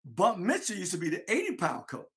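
A man telling a lively story about his youth football days, acting out his old coach. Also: high-pitched, fairly quick. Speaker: former football player. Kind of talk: storytelling interview.

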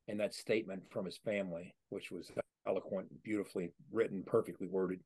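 A man co-hosting a podcast, speaking in an earnest, measured way. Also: fairly low pitch, a little mellow, slightly rough, no echo. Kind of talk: casual podcast chat.

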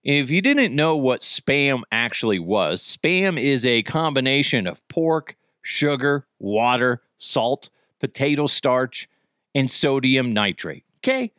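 Casual male podcast host, lively swooping voice, dry close mic, laughs a lot. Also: medium pitch, slow, clean tone, dry recording. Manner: goofy, laughs a lot, jokey. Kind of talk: casual chat.

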